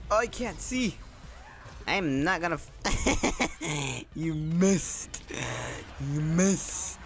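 A young man hosting his own gaming channel, giving excitable, casual commentary over his gameplay, often repeating his exclamations. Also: fairly high pitch, drawn-out words, pauses often, faint music behind.

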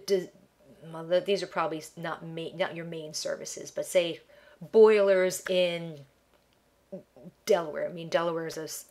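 A woman's voice: fairly low pitch, a little hiss or hum. A woman web designer with a nasal, allergy-congested voice, casually talking through a website review and often restarting words. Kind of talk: screen-share website review.

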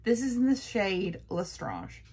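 A woman's voice: medium pitch, wildly swooping pitch, measured pace, darkish tone, husky. A woman chatting casually through a makeup haul, gushing and repeating her praise. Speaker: beauty vlogger.

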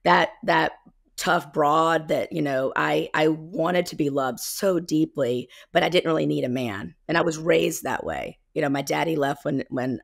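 A woman's voice: deep voice, a little slow, gravelly, no room sound, studio quality. A woman in her fifties from South Carolina with a Southern accent, talking candidly and rambling a little as a guest over a video call. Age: 50s. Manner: candid, rambling, self-correcting. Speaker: guest, embodiment coach. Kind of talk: casual interview.

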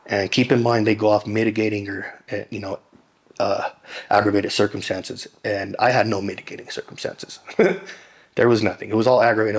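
A man telling his personal testimony in an interview, earnest and emotional, rambling with many fillers and restarts. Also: fairly low pitch.

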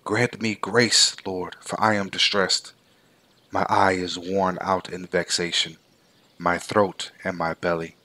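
A man reads scripture aloud in a measured, solemn manner. His voice sits a little low. The delivery is steady and scripted. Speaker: scripture reader.

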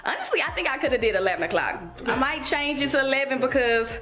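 A woman's voice: high-pitched, very animated, fast, sharp tone. Breathless chatty woman vlogging. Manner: chatty, addresses viewers as y'all. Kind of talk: casual vlog talk to camera.

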